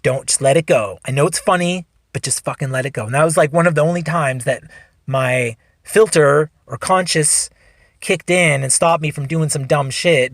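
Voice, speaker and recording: A man's voice: mid-range voice, creaky, no room sound, clean studio sound. A male stand-up comedian hosting a solo podcast, telling a rambling, profane story. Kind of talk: casual storytelling.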